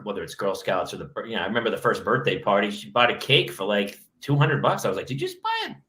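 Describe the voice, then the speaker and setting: Bright-voiced man telling parenting stories. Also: lowish voice, fast talker. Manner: animated storyteller, mock-exasperated asides. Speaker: podcast host. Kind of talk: casual chat. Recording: roomy echo.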